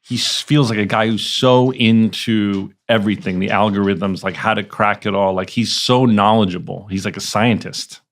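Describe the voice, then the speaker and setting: A man with a low voice and a gravelly, creaky edge co-hosts a podcast. He talks in a relaxed, easygoing way, nudging his partner to tell stories and adding his own comments. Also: normal speed, few pauses. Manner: relaxed, prompts the other host and chimes in. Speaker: podcast co-host. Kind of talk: casual chat.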